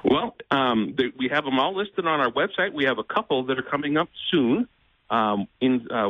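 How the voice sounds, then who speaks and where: A man speaking as a guest in an interview, earnest and measured, often pausing with fillers and restarting. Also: medium pitch, dry recording, lo-fi sound. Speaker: ministry president, guest. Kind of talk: conversational interview.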